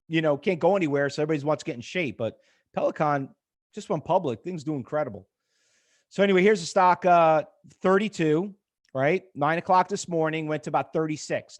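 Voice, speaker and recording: Middle-aged male trading instructor, high lively voice, animated storyteller who acts out the other side of arguments. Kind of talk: live trading class with screen demo.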